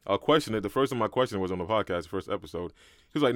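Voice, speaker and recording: A young man from Brooklyn, co-hosting a podcast in slangy, animated casual chat. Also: fairly low pitch, dry recording, studio quality. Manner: fast, slangy, animated storytelling. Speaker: podcast co-host.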